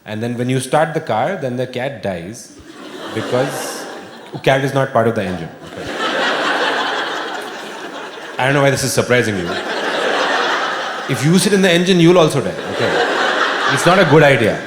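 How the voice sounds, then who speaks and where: A man in his thirties with an Indian English accent, performing a stand-up comedy set and jumping into high, shouty voices for his friends. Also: brisk. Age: 30s. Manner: animated, acts out friends in sudden high-pitched bursts. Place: large venue with live audience. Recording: echoey hall with audience noise.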